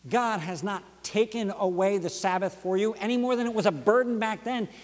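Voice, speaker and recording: A man's voice: sits high, brisk. Man preaching in a reverberant church. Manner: rhythmic, dynamic preaching with dramatic drops to near whisper and rising emphatic peaks. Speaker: pastor. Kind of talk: sermon. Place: church sanctuary.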